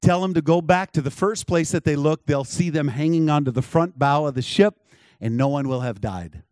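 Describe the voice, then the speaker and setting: A man voicing a calm male prophet who speaks in matter-of-fact declarations. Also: a little high, normal speed, no echo, studio quality, lightly acted. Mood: assured.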